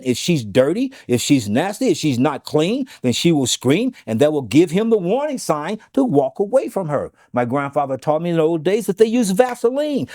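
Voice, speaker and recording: Lively, mellow-voiced man telling health stories. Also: sits high. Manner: animated storytelling, acts out his grandfather's voice; emphatic, keeps adding "okay?". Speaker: health talk guest. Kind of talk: casual health talk.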